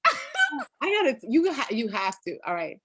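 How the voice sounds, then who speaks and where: A woman's voice: high voice, huge pitch swings, unhurried, sharp tone, a little hiss or hum. Chatty woman telling food stories. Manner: chatty storyteller, laughs often. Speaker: interview guest. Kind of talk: casual chat. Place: lives in Florida.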